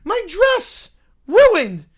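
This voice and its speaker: A woman voicing a shrill whiny spoiled girl. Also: wildly swooping pitch, very slow, full character voice. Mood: whining. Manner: shrill, whining, demanding.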